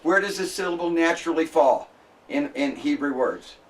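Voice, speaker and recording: Guy lecturing a classroom, kinda high voice, mic far off, keeps checking "okay?". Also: animated. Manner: spells out sounds slowly, checks in with "okay?".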